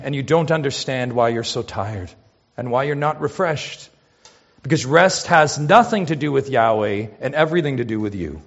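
A pastor preaching a sermon to his church, with emphatic rises and soft drops. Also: mid-range voice, expressive, normal speed, dull audio.

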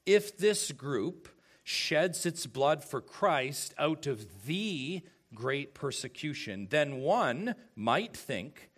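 Slow, emphatic preaching man. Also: fairly high pitch, very animated. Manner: preaching with dramatic swings from hushed to shouted; slow, emphatic delivery with rhetorical questions. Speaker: pastor. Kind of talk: sermon.

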